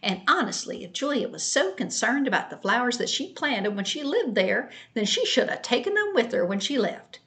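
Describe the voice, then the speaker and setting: A woman's voice: a little high, very animated, moderate pace, few pauses, a bit bright, voice pushed up. Brief: a woman doing a passive-aggressive sister-in-law, raised and snippy, lecturing down at the listener. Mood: indignant. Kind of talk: mocking read-aloud of a message.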